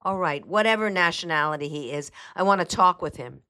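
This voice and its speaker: Woman voicing confident male lawyer, firm, insistent, fast-paced, low voice, storybook reading. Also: expressive, pushed and bright.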